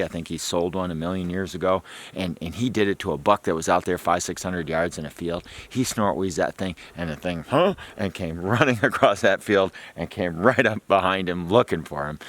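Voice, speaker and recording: A man's voice: sits low, a bit bright, no echo. A man hosting a hunting video, explaining deer calls in a rambling, chatty way and laughing often. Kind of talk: casual instructional talk.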